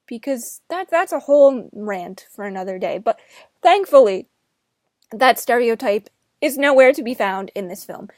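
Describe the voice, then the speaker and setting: A woman's voice: on the high side, expressive, normal speed, dry recording, clean studio sound. A woman in her twenties from New Jersey, giving a casual, rambling film review with chatty asides.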